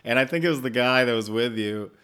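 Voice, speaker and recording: A young man with a flat, deadpan voice, a comedian telling stories and swearing in casual chat. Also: mid-range voice, quick pace, clean tone. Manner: swearing, animated storytelling. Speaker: podcast host and comedian.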